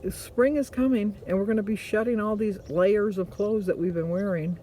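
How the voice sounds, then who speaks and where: A woman's voice: medium pitch, fairly even intonation, normal speed, dark tone, slight background noise. A woman hosting a vlog, chatting casually and motivationally, rambling through stories and correcting herself. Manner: rambling storytelling with self-corrections. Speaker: vlog host.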